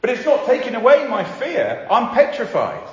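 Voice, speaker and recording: A man's voice: very high-pitched, wildly swooping pitch, moderate pace, pitched above the performer's own voice, heavily acted. A man voicing a frightened airplane passenger in a sermon story, speaking anxiously and hesitantly. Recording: echoey hall, slightly dull sound.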